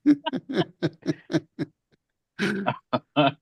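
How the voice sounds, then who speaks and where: A man's voice: high-pitched, sing-song, drawn-out words, gravelly, husky. A man playing a tabletop game, describing his character's actions while thinking aloud. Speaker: player.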